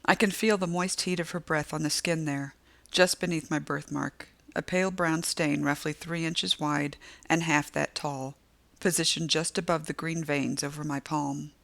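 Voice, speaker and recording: A woman's voice: low-pitched, steady tone, moderate pace, creaky, fairly bright tone. Woman narrating a tense audiobook. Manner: tense, vivid storytelling. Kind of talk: first-person novel narration.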